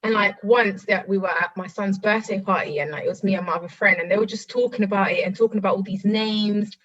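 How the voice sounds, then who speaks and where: A woman's voice: medium pitch, quick pace, fairly bright tone, far from the mic, highs cut off. A woman hosting a podcast in casual chat, full of "like" and "literally". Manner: chatty, lots of "like" and "literally". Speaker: podcast host.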